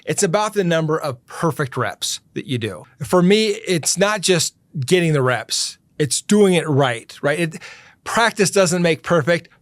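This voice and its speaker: A middle-aged man, a podcast host, answering interview questions in an earnest, emphatic way and slowing down to stress his key points. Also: fairly high pitch, expressive, no room sound.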